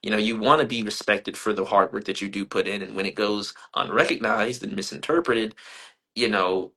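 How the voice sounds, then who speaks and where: A young male artist answers interview questions earnestly and thoughtfully in a lowish voice at a brisk pace. When he tells stories, he becomes animated.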